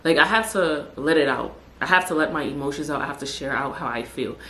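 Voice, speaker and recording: With a low, sharp voice and a brisk pace, a young woman carries her podcast as a casual monologue, stressing points by repeating words and using street slang. She's a young adult, and faint hum and echo fill the room.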